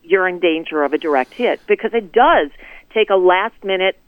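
A woman from Florida on a phone call, telling stories about local politics in a sarcastic, animated way. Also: lowish voice, normal speed, no room sound. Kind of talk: casual political phone chat. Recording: tinny phone line.

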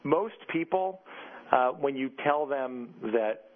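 A congressman answering interview questions in an earnest, halting way, with many restarts. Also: mid-range voice. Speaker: congressman guest. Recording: phone-line quality.

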